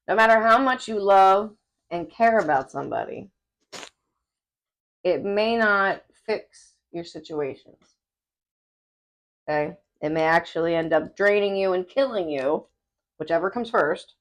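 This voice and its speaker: Animated woman podcast co-host. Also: on the low side. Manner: animated storyteller, laughs often. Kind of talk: casual chat.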